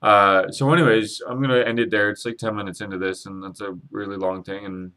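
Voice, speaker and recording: A man's voice: fairly low pitch, level tone, a little fast, pushed and bright, clear, resonant tone. Earnest, teary spiritual vlogger man. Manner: rambling, earnest, with swearing and many restarts. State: emotional, holding back tears. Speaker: Reiki practitioner and psychic vlogger. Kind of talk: emotional spiritual vlog monologue.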